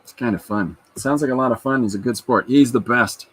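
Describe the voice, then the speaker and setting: A man's voice: medium pitch, fairly quick, a bit bright, husky, no room sound, rough recording. A man hosting a podcast, chatting casually and rambling through stories while he draws. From Canada. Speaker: podcast host and artist. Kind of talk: casual chat while drawing.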